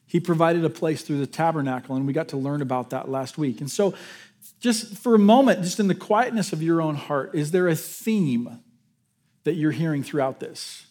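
A man's voice: on the high side, normal speed, darkish tone. A man preaching a sermon to his congregation in a conversational way, joking with them and restarting his sentences. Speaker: pastor.

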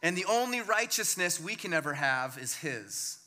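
A man preaching a sermon as pastor, emphatic and swinging between loud points and hushed low lines. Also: very animated, moderate pace.

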